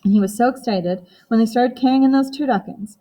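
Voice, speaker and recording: A woman's voice: fairly high pitch, fairly quick, mellow, close to an everyday voice, low-quality recording. A woman reading an audiobook voices a blunt, impatient teenage girl, the older sister in the story. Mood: hesitant.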